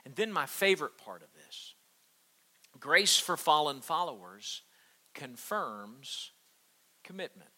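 A man delivers a sermon in a high, strikingly bright voice. He builds to emphatic, fervent peaks, then drops to hushed, drawn-out lines. He restarts and repeats words as he preaches. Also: sing-song. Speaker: pastor.

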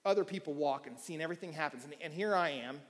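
Guy preaching a sermon in a church, tells stories, goes quiet then loud, big echoey hall. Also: on the high side, fast. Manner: storytelling, shifting from quiet asides to shouting. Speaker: pastor. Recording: long hall reverb.

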